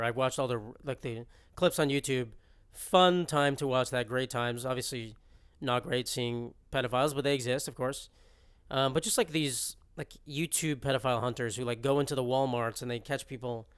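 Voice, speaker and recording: Rambling young man with a smooth voice. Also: mid-range voice. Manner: rambling, jokey, exaggerated rants. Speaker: podcast host. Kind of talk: casual solo podcast monologue.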